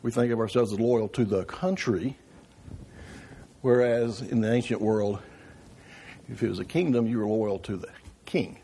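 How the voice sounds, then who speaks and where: A man's voice: fairly low pitch, normal speed, pauses often, mellow, a little hiss or hum. A man teaching an informal church Bible class, often asking the room questions and checking in with "right?". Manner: conversational, asks the class questions with frequent "right?".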